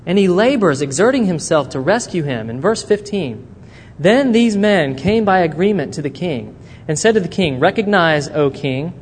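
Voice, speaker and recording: Man preaching in an echoing hall. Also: high voice. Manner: animated storytelling, acting out quotes. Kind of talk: sermon. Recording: long reverb in a hall, faint noise.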